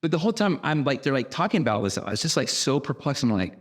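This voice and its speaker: A talkative man host works in a hair salon, trimming his guest's curls as he chats. He rambles through stories with lively swings in his voice and acts out the lines people said to him. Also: medium pitch, fast. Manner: animated storytelling, rambling, acts out quotes. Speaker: host and hairstylist. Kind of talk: casual chat. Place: hair salon, cutting hair while talking.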